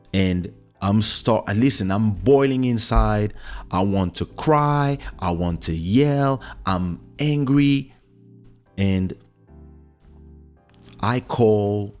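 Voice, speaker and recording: A man hosting his own show, telling a personal story in an animated way and acting out the voices of other people. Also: low voice. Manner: animated, acts out quoted voices. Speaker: host. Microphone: studio podcast mic.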